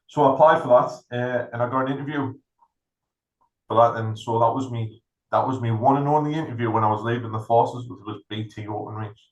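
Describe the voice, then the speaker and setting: A middle-aged man tells a long anecdote as co-host of a podcast, acting out the people in it. His voice sits at an ordinary male pitch. The room around him adds a roomy echo. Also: brisk, lo-fi sound. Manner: animated anecdote-telling, acts out other people's lines. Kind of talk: casual storytelling.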